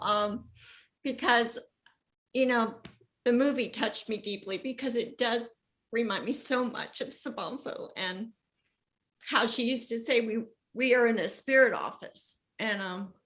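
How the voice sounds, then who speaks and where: A middle-aged woman guest telling heartfelt stories in conversation, emotional and expressive. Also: fairly high pitch, a little slow, rough recording. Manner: emotional, voices others in quoted lines. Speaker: guest, youth organizer.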